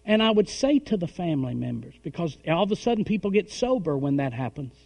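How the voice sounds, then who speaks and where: A middle-aged man preaching a sermon, emphatic, with call-and-response and swings between loud and soft. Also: on the high side, very animated, fast talker, vocal fry. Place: church hall. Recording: long hall reverb.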